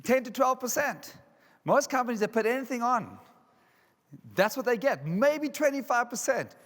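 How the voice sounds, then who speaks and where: A man from South Africa with a South African accent, giving an energetic, jokey motivational talk at a conference. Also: very high-pitched, normal speed. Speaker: keynote speaker. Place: large resort conference hall. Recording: reverberant hall.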